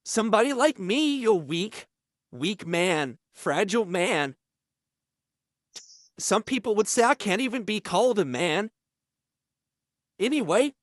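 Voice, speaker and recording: A man telling a deadpan comic prison story in a halting, stammering, self-pitying way. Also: high-pitched, no echo, clean studio sound. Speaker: parody interviewee.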